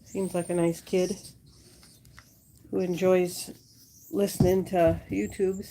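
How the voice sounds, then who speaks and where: A woman from Wisconsin hosting a casual live stream. She chats with her viewers and breaks into a high sing-song voice when she talks to her dogs. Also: level tone, slow, mellow, a little hiss or hum. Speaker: livestream host.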